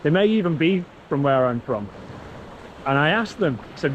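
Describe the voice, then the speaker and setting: A man's voice: fairly high pitch, expressive, moderate pace, highs cut off, slight background noise. A man with a Warrington accent, chatting casually while walking along a beach, telling stories in a self-mocking way. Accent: northern English, Warrington. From England. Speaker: travel vlogger. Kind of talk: casual walking vlog chat. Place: outdoors on a beach.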